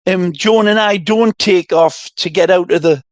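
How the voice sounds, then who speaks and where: An older man from Northeast England with a Geordie accent, chatting as a guest and telling stories in an animated way with many restarts. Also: high-pitched, normal speed, no echo. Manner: animated storyteller, lots of restarts. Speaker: guest, retired soccer commentator. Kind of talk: casual chat.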